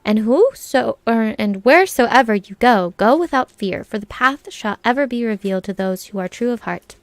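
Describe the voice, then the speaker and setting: A woman's voice: a little high, expressive, normal speed, dry recording, faint music behind, lightly acted. A woman voicing a gracious elder woman who leads a forest city, reading formal lines aloud with small stumbles. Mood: solemn.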